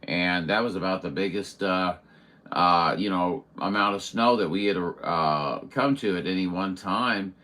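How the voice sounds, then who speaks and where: A man's voice: sits low, a little slow, pushed and bright. A man hosting a CB radio session, chatting in a rambling, friendly way with lots of fillers and radio jargon. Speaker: CB radio operator and show host. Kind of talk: casual radio chat.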